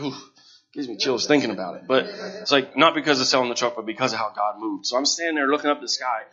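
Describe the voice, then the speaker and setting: Casting: husky man, earnest and halting, giving a heartfelt testimony on a dull lo-fi recording. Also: medium pitch, bright, forceful tone. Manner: earnest, halting, repeats words when moved. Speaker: missionary sharing his testimony. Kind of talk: emotional personal testimony to a gathering. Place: room before a gathered audience.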